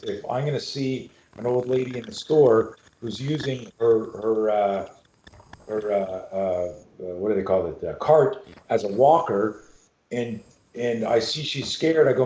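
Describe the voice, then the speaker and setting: A man's voice: medium pitch, unhurried, a little mellow, a little hiss or hum. Intense, profane middle-aged man in an echoey room. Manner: intense, profane, emphatic storytelling. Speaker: self-defense expert guest. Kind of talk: podcast interview.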